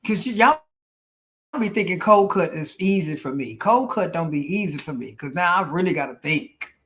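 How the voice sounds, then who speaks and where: A woman's voice: lowish voice, animated, moderate pace, a little hiss or hum. A woman hosting a casual live stream, chatting with viewers and giving intuitive readings, calling them honey and girl. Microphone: phone.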